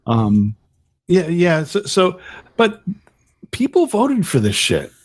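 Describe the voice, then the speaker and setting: A man's voice: sits high, wildly swooping pitch, takes it slowly, no echo. A man co-hosting a podcast in casual chat, often stammering and repeating words, with some casual swearing. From lived in Massachusetts, Virginia and upstate New York. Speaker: podcast co-host.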